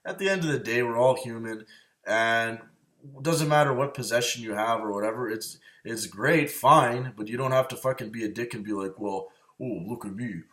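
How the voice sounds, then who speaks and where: A man's voice: medium pitch, normal speed, fairly bright tone. A man with a mid-range voice rambling through an agitated personal rant. He swears nearly every sentence, stumbles and repeats words, and keeps circling back to his grievances. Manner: profane, agitated, repetitive. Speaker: show host.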